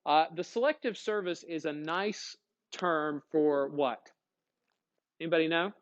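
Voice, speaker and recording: A man teaching a history lesson to a class, lively and questioning, often checking in with his students. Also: on the high side, measured pace, lo-fi sound. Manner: energetic, asks questions to the class. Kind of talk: classroom lecture.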